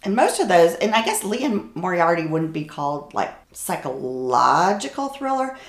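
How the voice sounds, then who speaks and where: Gravelly low-voiced woman chatting in an echoey room. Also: big pitch swings, moderate pace. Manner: rambling, hesitant, trails off mid-sentence. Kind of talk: casual chat about books.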